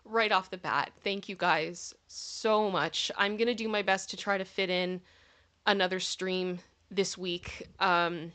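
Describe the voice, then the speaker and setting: A woman hosting a casual livestream, chatting warmly with viewers and thanking them by name, sometimes giggly. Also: lowish voice, steady tone, a little slow. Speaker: livestream host.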